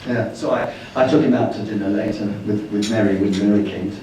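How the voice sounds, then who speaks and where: A man's voice: on the low side, steady tone, a little fast, mellow, a little hiss or hum. Chatty man in an echoing hall. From Britain. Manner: chatty and rambling, acting out quoted dialogue. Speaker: speaker at a travel meeting. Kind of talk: anecdotal slide-show talk. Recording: roomy hall, distant mic.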